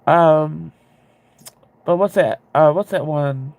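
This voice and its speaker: Gravelly man chatting casually. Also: on the high side, slow pace, no echo, phone-quality sound. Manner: rambling, candid, laughs easily. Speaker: streamer chatting with viewers. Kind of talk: casual chat.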